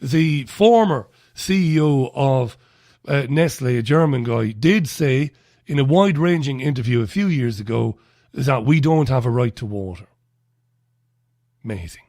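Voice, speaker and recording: A man's voice: mid-range voice, animated, a little slow, darkish tone, no echo, studio quality. A man with an Irish accent hosting a talk radio show, giving blunt, scornful commentary and reading out listener messages.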